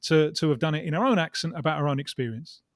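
A man's voice: a little high, fast talker, dry recording, clean studio sound. A man co-hosting, putting probing questions with some stammering restarts. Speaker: co-host. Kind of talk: casual chat.

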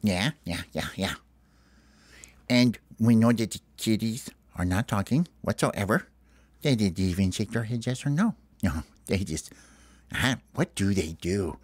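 A man telling a home-made pretend play as a pet bird sleuth, in a low, scheming murmur. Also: lively intonation, measured pace, breathy edge, no room sound. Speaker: storyteller dad playing the lead bird.

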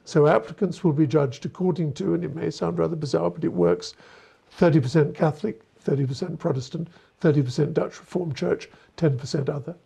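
A man's voice: on the high side, a little fast, creaky, few pauses, dark tone, husky. A man giving an author talk, storytelling in a discursive way with wry, self-deprecating asides. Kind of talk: storytelling lecture answering questions.

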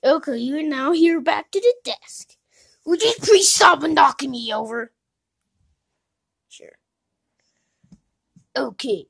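Woman, high voice, gravelly, slow, comic voice-over, mumbles then shouts. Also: lively intonation, no room sound, studio quality. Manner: jumps between mumbled asides and shouted outbursts. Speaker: narrator and voice actor of a fan animation. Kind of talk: comedic fan-animation voice-over.

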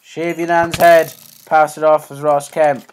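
A man's voice: a little high, level tone, unhurried, a little hiss or hum. A man giving let's play commentary, rambling to himself and yelping at sudden scares. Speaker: gaming YouTuber.

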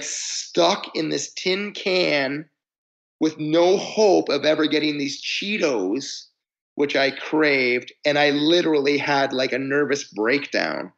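A gravelly-voiced man in his forties tells a tour story in a loose, rambling way. He restarts sentences and stretches words for emphasis. The audio sounds a little dull and lo-fi. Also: a little high, a bit bright. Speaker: podcast guest, musician. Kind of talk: casual chat, storytelling.

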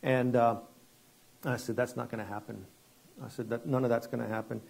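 A middle-aged man preaches as a guest pastor, his voice mellow and slightly husky. he talks loosely, stumbling over repeated words, then drops to a near hush for the tense parts of a story. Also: mid-range voice, level tone, fairly quick. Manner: conversational, repeats words and restarts, drops quiet for dramatic story moments. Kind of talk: sermon with storytelling.

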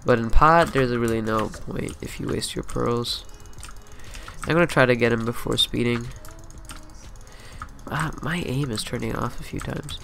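Young man with a gravelly, bright voice. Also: medium pitch, a little slow, long pauses, slight background noise. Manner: profane, swinging between mumbled asides and yelled trash talk. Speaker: gameplay commentator. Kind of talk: live gameplay commentary.

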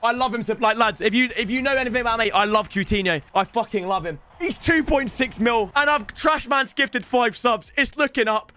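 A young man streaming and commentating live as he opens game packs, excitable and breaking into shouted celebrations. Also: extremely high pitch, brisk, few pauses, a little hiss or hum.

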